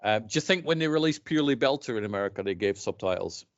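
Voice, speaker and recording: A man's voice: fairly low pitch, animated, fast, dull audio. A man in his fifties from Scotland with an accent mixed between Scottish and English, chatting casually as a podcast co-host and laughing often. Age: 50s. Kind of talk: casual chat.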